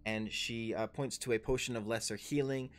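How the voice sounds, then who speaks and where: A man's voice: mid-range voice, steady tone. Rambling young man running a tabletop game. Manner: rambling, halting with many fillers. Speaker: dungeon master.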